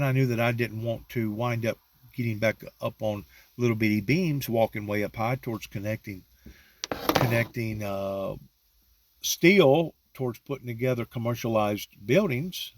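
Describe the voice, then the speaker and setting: Slow-telling man with a drawl. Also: mid-range voice, dry recording. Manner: slow, drawn-out storytelling with rising emphatic peaks. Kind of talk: personal testimony storytelling.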